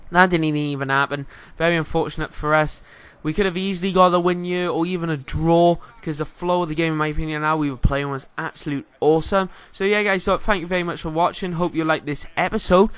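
A young Welsh-accented man talks through a football game in a casual, rambling voice-over. His voice sits a bit high and comes across bright and forceful. He fills gaps with ums and restarts. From Wales. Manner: rambling, casual, filler-heavy. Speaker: gaming YouTuber.

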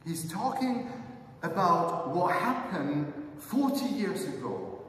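A man's voice: sits high, sing-song, slow, fairly bright tone, slight background noise. A man preaching a sermon as pastor, earnest, putting many questions to the congregation and calling them brothers and sisters. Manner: calls the listeners brothers and sisters. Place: church sanctuary. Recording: echoey hall, mic far off.

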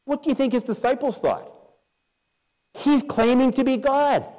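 Emphatic preaching man in a reverberant hall. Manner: emphatic preaching, dropping soft and low for stress. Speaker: pastor. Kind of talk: sermon. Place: church.

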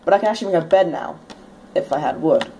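A woman's voice: fairly low pitch, lively intonation, quick pace, dark tone, a little hiss or hum. A young woman hosting a gameplay video, chatting casually as she plays, swearing now and then and bursting into sudden shrieks when startled. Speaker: let's play host.

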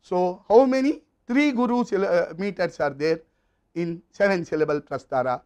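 A man's voice: high-pitched, normal speed, darkish tone, clean tone, highs cut off. A man with an Indian English accent giving a university lecture, explaining step by step in a methodical way.

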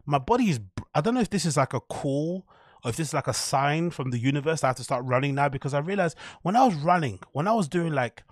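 A man's voice: fairly high pitch, lively intonation, fast, no echo, clean studio sound. A man, hosting a podcast and telling a story in a loose, swearing, chatty way full of "like" and repeats. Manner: loose, profane, chatty delivery with many "like"s and repeats. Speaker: podcast host. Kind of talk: casual storytelling monologue.

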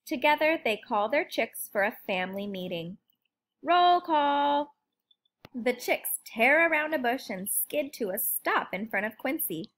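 A woman reading a children's picture book aloud in an expressive, lively way. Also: a little high, moderate pace, few pauses. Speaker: storybook narrator. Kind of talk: children's storybook read-aloud.

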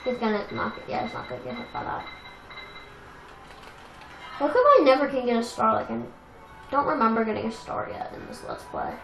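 A young woman casually commenting on a racing game she plays, chatty and self-deprecating, with excitable outbursts. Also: on the high side, fairly quick, gravelly, long pauses. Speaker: let's play gamer. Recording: echoey room with game music.

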